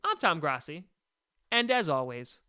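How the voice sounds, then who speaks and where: A man with a crisp, bright, fairly high voice hosts a sports show. He rants with exasperated emphasis, pressing each argument as though the debate is beneath him. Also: big pitch swings, measured pace. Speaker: sports podcast host. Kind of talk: opinionated sports rant.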